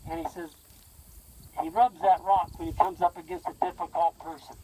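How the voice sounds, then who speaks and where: A man's voice: high voice, flat delivery, moderate pace, husky. A man who farms, teaching a group out on a pasture in a folksy, plain-spoken storytelling way. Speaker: farmer teaching a grazing school. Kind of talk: outdoor teaching talk to a group. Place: outdoors on a farm pasture. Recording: loud outdoor noise, far mic.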